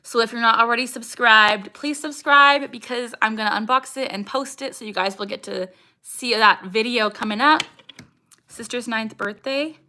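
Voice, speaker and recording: Her voice a little high with a sharp tone, a young Canadian livestream host talks at a moderate pace. She keeps things casual, reading comments and chatting with viewers while vocal tics cut into her speech.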